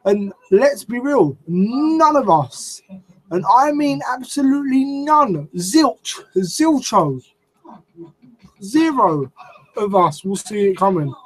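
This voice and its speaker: A young man ranting casually on a live stream, excitable and swearing, rambling as he reacts to wrestling. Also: high-pitched, takes it slowly, long pauses, poor audio.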